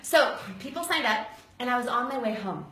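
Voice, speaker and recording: A woman giving a storytelling speech to a live audience, animated and laughing, acting out the voices she quotes. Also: a little high, fairly quick. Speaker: speaker at a sales event. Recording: roomy hall with faint noise.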